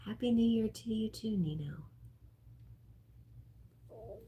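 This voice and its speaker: A woman's voice: a little high, takes it slowly, pauses often, warm tone, slight background noise. A woman hosting a casual livestream from home. She chats easily, talks to her dog and reads viewer comments aloud. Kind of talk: casual live-stream chat. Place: at home indoors.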